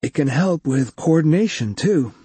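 A man voicing a patient, kindly male cybersurgeon in an audiobook story, speaking in a gentle, reassuring way. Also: on the high side, animated, moderate pace, husky, dry recording, pitched above the performer's own voice. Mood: wry.

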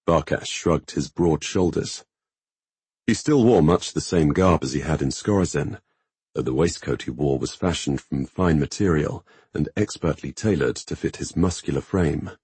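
Brief: male audiobook narrator, deepest of voices, dry close sound, steady. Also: moderate pace, breathy edge, no echo. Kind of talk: scripted fantasy narration.

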